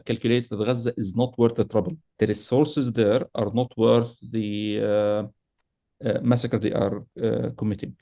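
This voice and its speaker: Man, political commentary, emphatic, mellow dark tone, filler-heavy. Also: mid-range voice, vocal fry. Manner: emphatic, grows heated and animated; frequent uh fillers and restarts. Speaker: podcast guest analyst.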